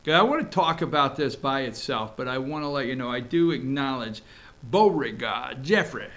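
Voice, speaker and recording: A man from North Georgia, hosting a live online morning show in an excitable, rambling, emphatic way. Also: mid-range voice, normal speed. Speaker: host.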